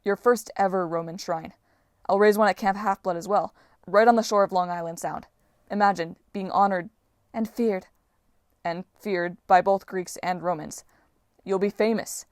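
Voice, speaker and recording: A woman's voice: medium pitch, fairly even intonation, normal speed, no echo, natural voice. A young male demigod hero makes his case in an earnest, persuasive voice, as a woman narrator puts him on. The reading is close-miked and dry.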